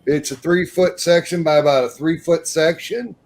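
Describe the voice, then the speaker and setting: A man's voice: a little high, fairly even intonation, normal speed, darkish tone. A man co-hosting a casual live video chat, joking and teasing. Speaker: co-host.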